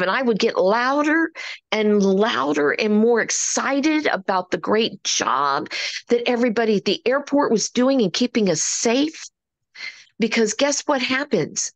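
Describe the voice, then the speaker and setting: A woman with a slightly high voice, recorded with no room sound, coaches at an online meeting. Her motivational talk is upbeat and preachy, and she acts out quoted conversations in animated voices.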